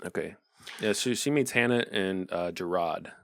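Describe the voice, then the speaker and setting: A man co-hosting a movie podcast, easygoing and agreeable in casual chat, and quick to laugh. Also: low-pitched, creaky, a bit bright, no room sound, clean studio sound. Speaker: podcast co-host.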